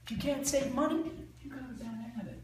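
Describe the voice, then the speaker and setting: Sales trainer, male, high voice, playful crowd-quizzing delivery, echoey hall mic from far off. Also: brisk, background noise. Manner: quizzes the audience with fill-in-the-blank questions; lively and joking. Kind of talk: live seminar talk to an audience. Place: large indoor room with an audience.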